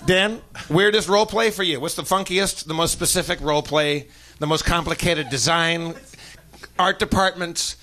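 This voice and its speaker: A man on a live comedy podcast telling a funny personal story, animated and acting out the people in it. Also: a little high, normal speed. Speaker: comedian, show regular. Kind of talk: comic storytelling. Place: live show stage.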